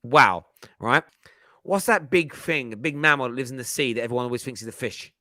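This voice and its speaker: A man's voice: mid-range voice, a little fast, dry recording, studio quality. A man with a London accent hosting a live football chat show, joking around and reading out viewer comments. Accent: London English. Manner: animated, jokey, reads out viewer comments. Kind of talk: live-stream casual chat.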